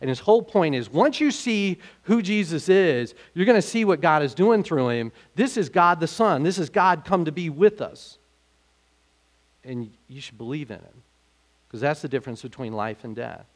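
A man preaching a sermon in a conversational way, growing animated when he asks questions. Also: fairly high pitch, normal speed. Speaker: pastor.

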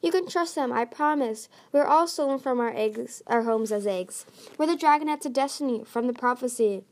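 A woman's voice: on the high side, moderate pace, darkish tone, lightly acted. A woman reading aloud, voicing a proud, anxious young female sea dragon who speaks emphatically. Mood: pleading. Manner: emphatic, pleading.

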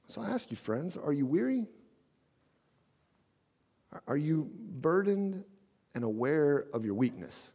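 A man preaching a sermon as pastor in a conversational way, dropping soft and slow when he quotes scripture. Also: a little high, big pitch swings, slightly rough.

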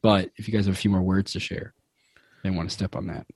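A man's voice: low voice, fairly even intonation, fast, darkish tone, husky, no room sound. A man running a comedic tabletop game as game master, rambling with fillers and frequent giggles.

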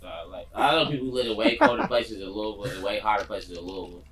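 A man in a casual podcast chat, blunt and slangy, telling stories in an animated way. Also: fairly low pitch, fast, a crowd in the background.

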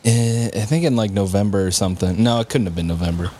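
A man's voice: fairly low pitch, mellow, slight background noise. A man co-hosting a podcast, telling a story in casual chat with lots of swearing. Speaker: podcast co-host.

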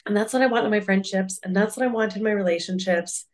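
A woman's voice: medium pitch, quick pace. Earnest woman musing on a podcast. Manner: earnest, reflective, lots of "like" fillers. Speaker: podcast co-host. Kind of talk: casual faith-based podcast chat.

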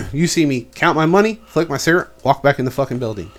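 A man's voice: fairly high pitch, animated, quick pace. A man co-hosting a podcast, talking casually and bluntly, heavy on swearing as he vents about his job. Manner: blunt and profane, venting about work. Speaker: podcast co-host. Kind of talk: casual chat.

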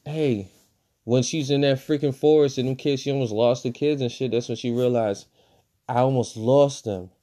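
Profane, ranting man with a mellow voice. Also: normal speed. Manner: profane, animated, swings between loud outbursts and low mutters. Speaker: movie reviewer. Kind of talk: casual ranting movie review.

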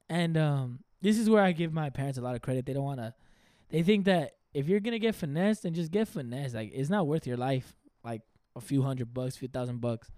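A man's voice: medium pitch, a little fast, dry recording, studio quality. A man in his early twenties, co-hosting a casual podcast, telling stories with lots of swearing and acted-out quotes. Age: early 20s. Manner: profane, animated storytelling with acted-out quotes. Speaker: podcast co-host.

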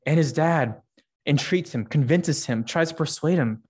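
A young man giving a casual, conversational sermon, reading scripture and acting out the characters with lively jumps in pitch. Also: normal speed, breathy edge. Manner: conversational, many fillers, acts out characters with rising pitch. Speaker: preacher.

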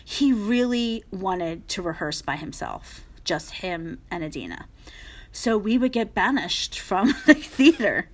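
A woman's voice: mid-range voice, big pitch swings, a little slow. A woman telling a funny backstage story in casual chat, often laughing and acting out what others said. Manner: laughs often, acts out quotes, lots of "like".

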